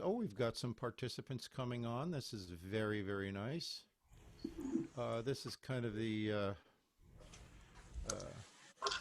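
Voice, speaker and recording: A cantor with a medium-pitched, slightly bright voice chats jokily and rambles before leading a virtual chapel service. His manner is self-mocking and casual, moving from chat into the service, all captured on a computer microphone over a video call.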